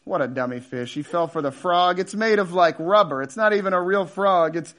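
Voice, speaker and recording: A man's voice: high voice, brisk, a bit bright. A man voicing a smug male fish that mocks other fish in a sermon story.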